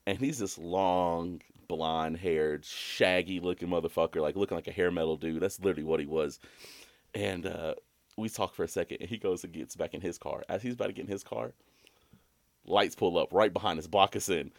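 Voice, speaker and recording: A young man with a very deep voice tells a rambling, swear-filled story in casual podcast chat. When he quotes himself, his voice jumps high. The sound is dry and close to the mic. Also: steady tone, a little fast, creaky, dry recording. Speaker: podcast co-host.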